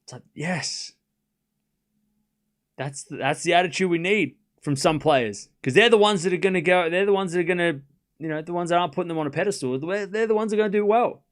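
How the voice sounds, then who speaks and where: A man's voice: high voice, brisk. A young man hosting a live stream, chatting casually and rambling, often repeating himself. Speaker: host.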